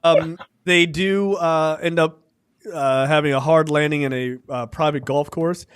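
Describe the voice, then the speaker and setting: A man talks through a film review in a loose, chatty way, full of fillers and quick acted-out quotes. His voice sits a little high. The recording is dry and close, with no room sound. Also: clean tone, no room sound. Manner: relaxed, many fillers, acts out scenes in quoted voices. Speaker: podcast co-host. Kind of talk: casual film review chat.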